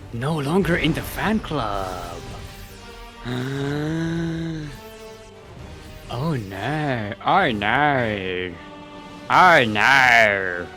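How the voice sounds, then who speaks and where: Bright-voiced, animated male game caster. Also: mid-range voice. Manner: excitable, laughs often. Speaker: esports caster. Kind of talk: live game commentary.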